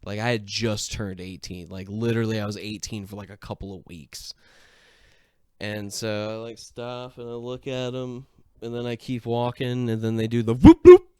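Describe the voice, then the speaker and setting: A young man with a lowish, smooth, clear voice recounts a story in a loose, rambling way. He swears constantly and makes fun of his own past self. The sound is dry and close, with no room around it. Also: little pitch movement, moderate pace, darkish tone, no room sound. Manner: profane, self-mocking, rambling. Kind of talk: casual storytelling.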